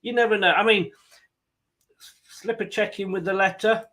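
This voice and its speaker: A man's voice: high-pitched, steady tone, normal speed, fairly bright tone. A man hosting a fan live stream, chatting casually and rambling with jokey asides. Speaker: fan channel host.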